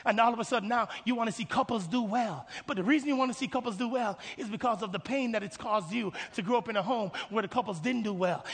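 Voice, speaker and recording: A pastor preaching an impassioned sermon in a church, swinging from hushed asides to shouting and calling for responses from the congregation. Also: male voice, high voice, fast talker, few pauses, slightly rough. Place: church sanctuary. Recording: reverberant hall with faint music.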